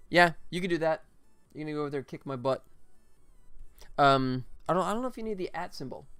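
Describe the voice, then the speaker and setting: A man's voice: fairly high pitch, smooth, no room sound. A man streaming his game development, chatting casually, laughing often and thinking aloud as he works. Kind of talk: casual livestream chat while building levels.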